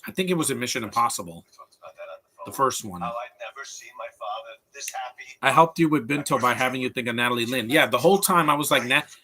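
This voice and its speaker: A man's voice: mid-range voice, animated, fairly quick, long pauses, crowd noise. A man giving live commentary over a film, opinionated and rambling, often restarting his sentences as he rants.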